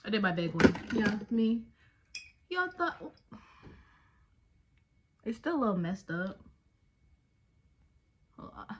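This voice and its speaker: While putting on makeup indoors at home, a beauty vlogger from Texas in her 20s chats and kids around, slangy and full of trailing fillers. She is very animated but takes it slowly, pausing often, in a mid-range voice. A little hiss or hum runs under the recording.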